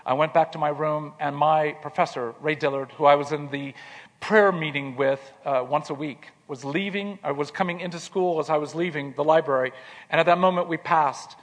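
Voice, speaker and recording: A man telling a personal story in an earnest way, repeating words as he starts and going quiet in tender moments. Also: on the high side, fairly even intonation, normal speed, big-room sound. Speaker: speaker telling his life story.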